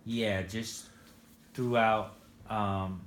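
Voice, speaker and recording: A man interviewing a father he worked with, asking gentle leading questions with frequent restarts. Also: on the low side, fairly even intonation, very slow, roomy sound, a little hiss or hum. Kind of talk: casual interview.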